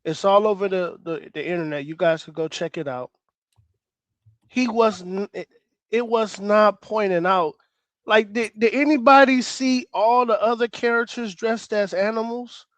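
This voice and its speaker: A man on a rowdy panel pushes to finish his argument. His voice sits high. It is recorded dry and close. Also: moderate pace, no echo. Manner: insistent, keeps asking to finish. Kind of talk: heated panel debate.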